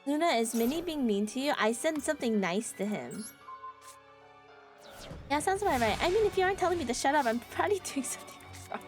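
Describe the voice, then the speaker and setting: Brisk and high-voiced with lively intonation, a woman streams a card game live as faint music plays behind her. Her chat with viewers is casual, playful and sarcastic, full of laughter.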